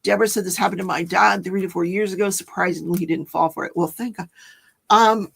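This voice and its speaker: An older woman hosts a casual livestream in a voice with a gravelly, creaky edge. She rambles through her story, backtracking and correcting herself along the way. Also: fairly low pitch, steady tone, fast talker. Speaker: livestream host.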